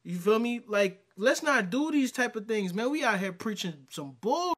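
A man's voice: high-pitched, lively intonation, moderate pace, fairly bright tone. A man giving casual reaction commentary, exasperated and slangy, talking back at the video he is watching.

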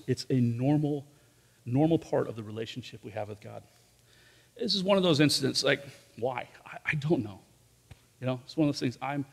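With a mid-range voice marked by vocal fry, a man preaches as pastor during a church service in a large room. He speaks conversationally with rhetorical questions and frequent asides to the congregation, under the long reverb of a large hall.

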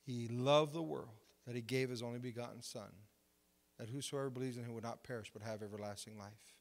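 A man preaching a sermon, telling testimony stories in an animated way and acting out the conversations. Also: medium pitch, fairly quick, creaky, long reverb tail. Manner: animated, retells conversations with rising excitement. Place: church.

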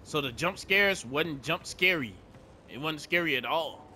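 Brief: young male gaming streamer, laid-back and chatty, bright voice, faint background hiss. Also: on the high side, lively intonation, unhurried. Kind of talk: casual gameplay commentary.

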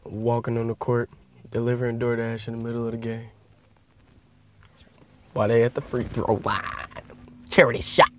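A man's voice: mid-range voice, level tone, normal speed, pauses often. A man talking casually to camera in a prank vlog, joking and cursing at himself. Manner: joking, self-mocking, profane. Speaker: prank video creator.

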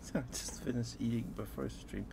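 A man chatting casually on an ASMR livestream, a little out of breath from a full stomach, halting and repeating himself as he fondly greets his viewers. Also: medium pitch, steady tone, creaky, noisy background. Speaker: ASMR streamer.

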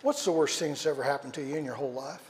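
A man preaching a sermon, telling a personal story in an animated way, moving between loud and hushed delivery. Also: on the high side, racing, long reverb tail, slight background noise. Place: church sanctuary.

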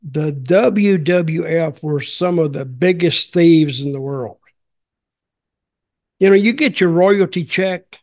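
A man's voice: a little high, slow pace, darkish tone. An older man hosting a podcast, telling folksy, rambling stories in casual chat. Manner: rambling, folksy, repeats himself. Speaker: podcast host.

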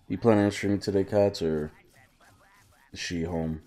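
A man's voice: sits low, slow pace. A young man live-streaming a video game, chatting with viewers between bursts of swearing at the game. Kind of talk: casual live gameplay streaming.

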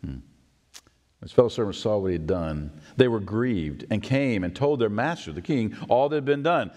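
Preaching man in a reverberant church. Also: moderate pace. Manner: expressive, acts out quoted voices with rising pitch. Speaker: pastor. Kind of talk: sermon. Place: church sanctuary. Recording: long church hall reverb.

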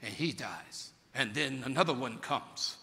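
A man preaching a sermon, retelling a story theatrically, swinging between shouted peaks and hushed lows. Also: expressive, measured pace, gravelly. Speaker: pastor. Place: large church sanctuary. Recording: long hall reverb from a church service.

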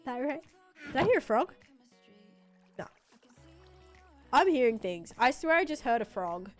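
A woman's voice: high-pitched, very animated, slow, pauses often, faint music behind. A young woman streaming a game live, chatting casually and giggling often, with lots of fillers. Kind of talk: casual live-stream chat while gaming.

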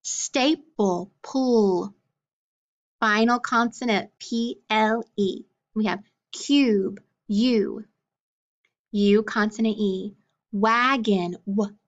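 A woman's voice: mid-range voice, dull audio. A woman teacher leading young children through a phonics lesson, sounding out letters and praising each answer. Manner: slow, clear, encouraging teacher voice, sounding out letters.

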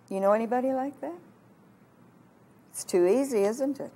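A woman in her sixties from Kansas giving a heartfelt testimony sermon at a retreat, moving between hushed and emphatic delivery. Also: on the high side, normal speed, pauses often. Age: 60s. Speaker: retreat speaker.

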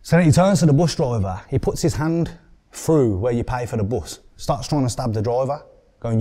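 A young man with a Birmingham accent, a podcast guest telling a story in an animated way, swearing often and acting out what people said. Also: mid-range voice, moderate pace. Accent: Birmingham English. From England.

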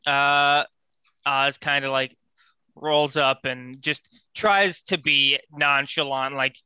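A man's voice: mid-range voice, fairly even intonation, takes it slowly, pushed and bright, clean tone, dry recording. A young man playing a tabletop game, casual and chatty. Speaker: player.

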